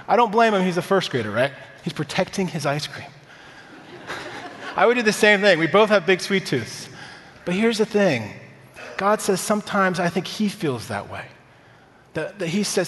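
A man's voice: sits high, sing-song, normal speed, fairly bright tone. A man in his thirties, a pastor, giving a conversational, upbeat sermon to a church congregation with personal stories. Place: church sanctuary. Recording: reverberant church hall.

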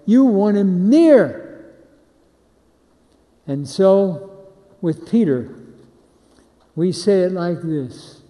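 A man's voice: high voice, lively intonation, drawn-out words, pauses often, mellow. A man preaching a sermon, leading the crowd in call-and-response chants. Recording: long hall reverb.

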